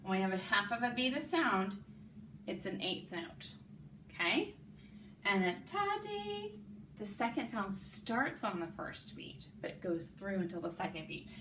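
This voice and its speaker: A woman's voice: medium pitch, sing-song, a little slow, reverberant, slight background noise. A woman music teacher singing rhythm syllables and explaining them to children in a lesson. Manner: sings rhythm syllables, speaks in a warm coaxing teacher voice to children. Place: classroom with a board.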